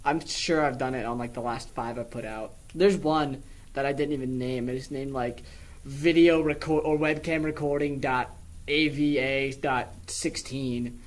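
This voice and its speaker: A man's voice: medium pitch, steady tone, normal speed. A teenage boy co-hosting a podcast at school, chatting casually, rambling and giggling at himself. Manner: rambling, giggly, self-mocking. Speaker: podcast co-host. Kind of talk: casual chat.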